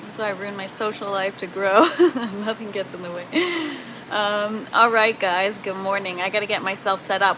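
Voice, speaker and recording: Bubbly woman livestreaming, bright voice. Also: mid-range voice, fairly even intonation, unhurried, a little hiss or hum, poor audio. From Canada. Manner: chatty, laughs often, greets viewers by name. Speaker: livestream host. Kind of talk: casual livestream chat. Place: indoor grow tent.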